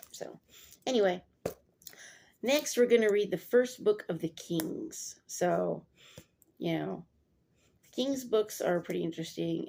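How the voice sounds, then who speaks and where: A woman's voice: on the low side, creaky, a little mellow, slight background noise. A woman reading a Bible passage aloud and breaking off into chatty, digressive commentary full of fillers.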